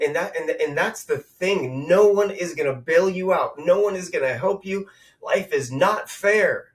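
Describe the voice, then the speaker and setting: A man's voice: high-pitched, recorded from a distance. A man in his thirties from Southern California, a podcast guest telling motivational stories in an emphatic, punchy way. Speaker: guest, real estate investor. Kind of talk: conversational storytelling.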